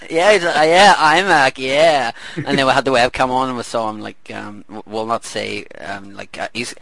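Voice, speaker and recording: A man's voice: mid-range voice, normal speed, creaky, a bit bright, dry recording, poor audio. Rambling, laughing male podcast host. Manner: rambling, full of fillers and laughter. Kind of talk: casual commentary chat.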